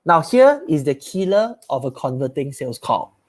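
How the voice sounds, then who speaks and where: A man's voice: fairly high pitch, sing-song, normal speed. Upbeat man coaching sales. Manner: upbeat, emphatic, repeats key phrases. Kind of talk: live-streamed sales training talk.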